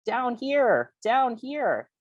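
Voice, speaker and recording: Squeaky voice, disembodied woman brain, slightly unhinged, high and put-on accent, from a reader doing voices, storybook reading. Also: sing-song, drawn-out words, no echo, lo-fi sound, heavily acted. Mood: pleading.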